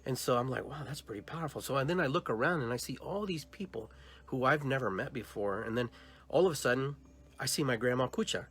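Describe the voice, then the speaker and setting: A man's voice: mid-range voice, a little fast, husky. A man hosting a podcast, telling a personal dream story and acting out both sides of the conversations. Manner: animated retelling, acts out both sides of dialogues; long trailing phrases with filler and restarts. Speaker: podcast host.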